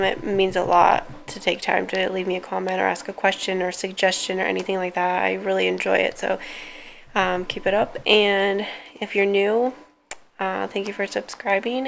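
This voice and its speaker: Young woman vlogger, tired and in pain, talking from her couch; gravelly, flat delivery with little lift. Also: medium pitch, moderate pace, slight background noise, poor audio. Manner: frustrated, weary storytelling. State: in pain and worn out. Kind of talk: casual personal video update. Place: lying on a couch at home.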